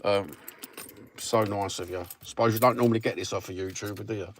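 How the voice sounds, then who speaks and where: Driving and chatting casually, a middle-aged vlogger rambles bluntly and swears in a Cockney East London accent. His lowish voice holds a steady tone at a slightly fast pace. It's recorded in a car, with road noise in the background.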